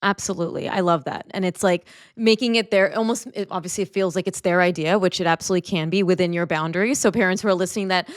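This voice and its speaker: A woman's voice: fairly low pitch, steady tone, quick pace, few pauses, no room sound, studio quality. A woman podcast host and pediatrician in casual interview chat, telling personal stories in an earnest, open way.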